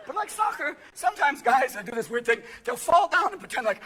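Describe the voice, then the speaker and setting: A man doing a manic, rapid-fire live stand-up routine on a theatre stage, jumping in and out of voices as the audience laughs. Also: very high-pitched, sing-song, bright, forceful tone, slight background noise. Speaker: stand-up comedian.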